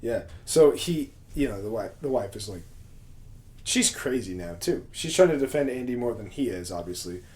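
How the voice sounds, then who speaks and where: A man's voice: mid-range voice, lively intonation, normal speed, a little mellow. A man co-hosting a podcast, casually recapping a horror film, laughing often and acting out the characters' lines. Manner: laughs often, acts out scenes in quoted voices. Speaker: podcast co-host. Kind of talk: casual movie recap chat.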